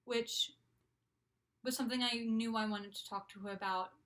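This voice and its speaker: Fairly high in pitch and fairly bright, the voice of this young college-age vlogger stays fairly even in intonation at a normal speed. Her casual storytelling is gushing and full of fillers, with "like" and "um" coming up constantly.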